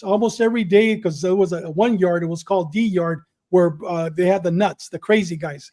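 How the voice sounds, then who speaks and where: Man, middle-aged, high voice, animated storyteller, acts out quotes. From Southern California. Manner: quick, repetitive retelling with acted quotes. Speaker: podcast guest telling his story.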